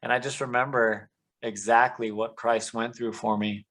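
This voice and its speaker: A man's voice: medium pitch, level tone, moderate pace, fairly bright tone, low-quality recording. A man earnestly telling his life story as a podcast guest, with many "um"s and "you know"s. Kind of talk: conversational testimony.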